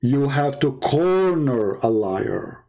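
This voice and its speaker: A man hosting a debate livestream, talking in a mocking, scornful and emphatic way, with non-native English and broken grammar, his voice slightly hoarse. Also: medium pitch, big pitch swings, slow, dark tone. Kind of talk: livestream commentary while calling viewers.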